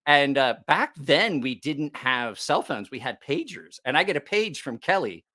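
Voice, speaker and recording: A man hosting a casual livestream chat, telling a profane story with lots of laughter and animated asides. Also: fairly high pitch, normal speed. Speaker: knife channel host.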